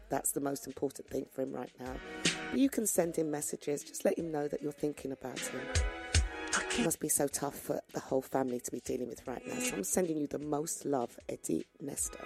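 A woman radio host with a deep, gravelly voice, talking warmly and emotionally to her listeners between songs. Music plays behind her as she chats. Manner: heartfelt, emotional, talks to listeners directly. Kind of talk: casual on-air chat between songs. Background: music playing.

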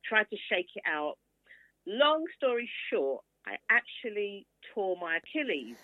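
A woman's voice: medium pitch, big pitch swings, a little slow, no room sound. A woman in her sixties telling her story in a casual interview and acting out quoted voices along the way. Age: 60s. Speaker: author guest. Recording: tinny phone-like line, dry.

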